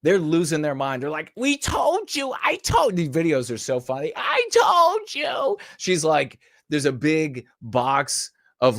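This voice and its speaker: A man's voice: mid-range voice, dry recording, clean studio sound. A man hosting a podcast in a casual, rambling and sarcastic commentary style. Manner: rambling and sarcastic, mimics people mockingly. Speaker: podcast host.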